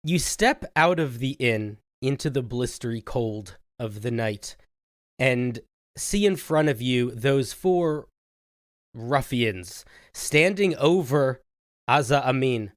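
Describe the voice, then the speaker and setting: A man's voice: mid-range voice, expressive, takes it slowly, dry recording, clean studio sound. A man hosting a tabletop game podcast, narrating scenes and reading announcements in an upbeat, chatty way. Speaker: game master and host.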